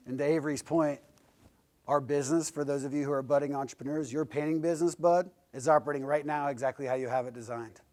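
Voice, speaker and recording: Blunt, joking guest speaker, man, fairly high voice, casual classroom talk. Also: steady tone, quick pace, a little mellow. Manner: joking, blunt, lightly profane storyteller. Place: classroom lecture.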